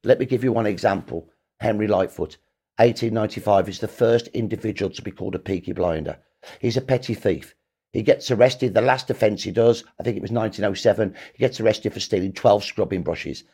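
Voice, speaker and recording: A man's voice: fairly low pitch, brisk, dark tone, slightly rough. A man, a historian answering interview questions in an emphatic storytelling way. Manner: emphatic, storytelling, rises when rebutting. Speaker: historian guest.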